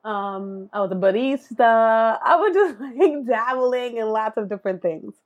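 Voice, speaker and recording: A woman's voice: fairly high pitch, animated, measured pace. A woman guest in a casual interview, chatting about her knitting business with frequent laughs and fillers. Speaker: guest, knitwear maker.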